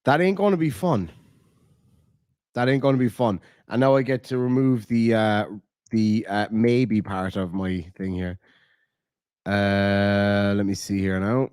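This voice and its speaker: A man's voice: on the low side, a little slow, darkish tone, clean tone, no echo, studio quality. Casual swearing man hosting a livestream. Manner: rambling, swears casually, reads out viewer messages. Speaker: livestream host. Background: dogs nearby.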